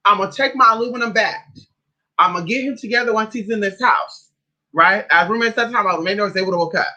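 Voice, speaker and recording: A Californian man hosting a spiritual livestream tells a dramatic story to his live chat, swearing freely and calling listeners "honey" and "y'all." His voice sits high, sharp and bright, he talks fast, and the recording is rough.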